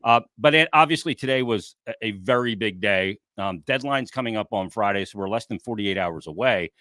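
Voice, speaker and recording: A man hosting a casual sports talk show, chatty and lively, leading the conversation and asking his co-host questions. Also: on the low side, a little fast, no room sound, studio quality. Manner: lively, chatty, opens with an announcer-style intro. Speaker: podcast host.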